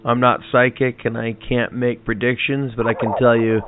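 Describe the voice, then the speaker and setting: A man's voice: medium pitch, little pitch movement, normal speed, over music. A man hosting a casual interview, asking questions in a joking, mock-formal way. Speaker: host. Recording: tinny phone-like line.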